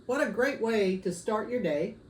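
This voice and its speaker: A woman's voice: on the high side, normal speed, a little mellow. A woman hosting a casual food-tasting vlog, chatty and friendly, her mouth burning from hot salsa. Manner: chatty, friendly, says y'all. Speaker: vlogger host. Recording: roomy echo, faint background noise.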